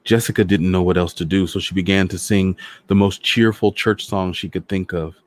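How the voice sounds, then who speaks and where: A man hosting a storytime show, reading a novel aloud in a measured, dramatic way. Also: deep voice, fairly even intonation, no room sound. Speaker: storyteller host.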